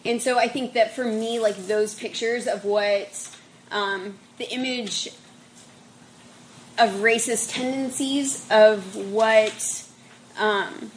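A woman's voice: a little high, steady tone, slow pace, slight background noise, poor audio. A woman sharing a personal reflection in a group discussion, thoughtful and searching for words.

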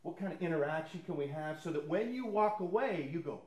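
A pastor gives a sermon testimony in an echoey room, telling personal stories in a conversational way and acting out what other people said. His voice is a little high, animated and fairly quick, with a darkish tone.

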